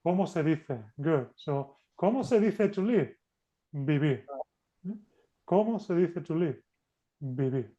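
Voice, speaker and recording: Mellow-voiced man teaching a class. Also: fairly high pitch, expressive, measured pace, pauses often, muffled recording. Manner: patient, coaxing, switches between two languages. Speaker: Spanish teacher. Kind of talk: teaching an online group class. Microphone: video call.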